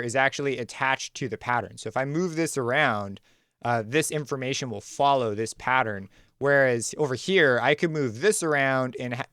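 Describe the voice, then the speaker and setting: Man explaining music software, smooth dry voice. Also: mid-range voice, no room sound. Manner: relaxed, conversational, thinks aloud while clicking. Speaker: music production tutorial host. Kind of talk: screen-recorded software tutorial.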